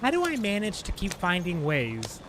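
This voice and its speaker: A man streaming a video game live, chatting casually and getting excitable, swearing and laughing at his own mistakes. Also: sits high, moderate pace, noisy background. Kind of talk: live gameplay commentary.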